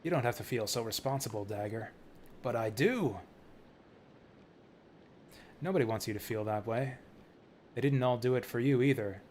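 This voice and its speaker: A man reading the lines of a laid-back, reassuring young thief from a game, in his own mid-pitched voice. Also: normal speed, long pauses, darkish tone, slight background noise, natural voice.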